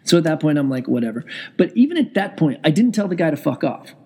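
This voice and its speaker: A man's voice: a little high, sing-song, fast, dark tone, husky. A man telling a rambling, profane, self-deprecating story in a casual vlog, speaking from home. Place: indoors at home with TV on.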